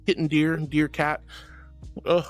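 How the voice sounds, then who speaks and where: A woman's voice: deep voice, level tone, slow, soft background music. A woman streaming and reading her chat, bubbly and giggly, calling her viewers sweetie and darling. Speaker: VTuber streamer. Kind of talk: livestream chat.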